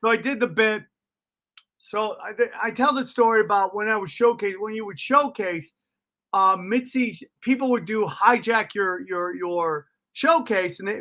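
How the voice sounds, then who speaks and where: A male comedian telling stand-up stories in a casual interview, animated and profane, laughing at his own stories. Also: high voice. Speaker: comedian guest.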